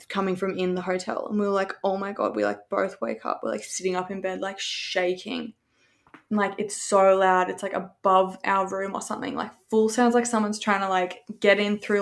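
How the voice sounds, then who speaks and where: A woman's voice: mid-range voice, vocal fry. A young woman with an Australian accent, telling a story in a chatty, rambling way with frequent swearing. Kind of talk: casual storytelling.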